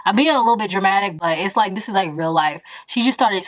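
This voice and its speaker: A woman in her twenties telling a story in a vlog, animated and emphatic, full of exasperation. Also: mid-range voice, quick pace, no echo. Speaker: vlogger.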